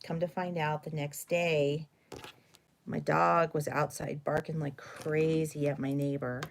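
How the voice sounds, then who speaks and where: Low-voiced middle-aged woman telling a story. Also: level tone, measured pace, gravelly, a little hiss or hum. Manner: rambling, chatty, with fillers and self-corrections. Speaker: craft video host. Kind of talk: casual storytelling during a live stream.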